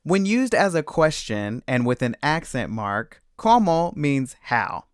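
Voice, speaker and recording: A man teaching a Spanish lesson, explaining patiently and clearly with lively emphasis. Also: mid-range voice, slow pace, dry recording, studio quality. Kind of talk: scripted language lesson.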